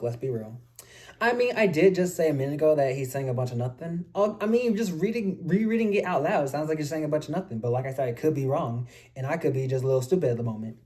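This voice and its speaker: A woman's voice: deep voice, dark tone. A woman chatting casually in a book review vlog, reading passages aloud and teasing herself as she goes. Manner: chatty and self-deprecating, reads passages aloud.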